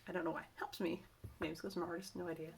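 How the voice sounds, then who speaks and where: This middle-aged vlogger shares her work-from-home tips straight to camera, chatty and rambling, constantly restarting, correcting herself and wandering into asides. Her lowish, creaky voice stays level and moves very fast, over a little hiss or hum.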